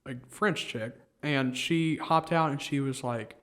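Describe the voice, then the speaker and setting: A young man co-hosting a casual podcast, rambling and animated as he tells a story. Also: mid-range voice, a little slow. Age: young adult. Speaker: podcast co-host. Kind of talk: casual chat.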